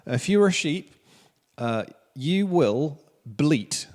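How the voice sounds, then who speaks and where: A man in his thirties with a Welsh accent, preaching a relaxed sermon with jokes at his own expense. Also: fairly high pitch, slow. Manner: casual, joking, self-deprecating preaching. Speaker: pastor. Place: church hall. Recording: long church hall reverb.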